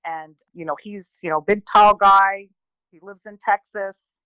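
A woman in her forties, a guest telling a personal story in an animated, chatty way, often restarting and quoting people. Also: mid-range voice, unhurried, clear, resonant tone, dry recording, lo-fi sound. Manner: chatty, animated, many restarts and quoted voices.

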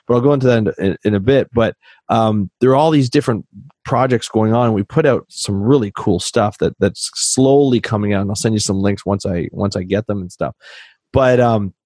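A man from Canada telling stories in casual conversation as a podcast guest, animated and acting out the dialogue he quotes. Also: on the low side, fairly quick, no echo. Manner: animated storyteller who acts out quoted dialogue. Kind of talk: casual storytelling chat.

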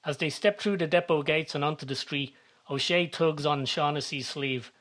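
Brief: calm male narrator, measured storytelling, voice a touch high. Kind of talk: scripted narration.

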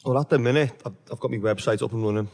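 A man's voice: mid-range voice, racing, creaky, darkish tone, big-room sound. A man who works as a fitness trainer, a guest in a casual chat, talking plainly in short matter-of-fact remarks.

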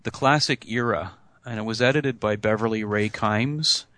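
A man answering interview questions as a podcast guest, pausing often with ums and restarts. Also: on the low side, pushed and bright, no room sound. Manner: hesitant, many ums and restarts. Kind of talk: casual interview.

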